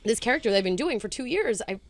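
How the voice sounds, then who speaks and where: A guest actress in her thirties from Rhode Island tells stories in a casual chat, acting out the quotes with animation. Her fairly high voice races along, and the recording is dry.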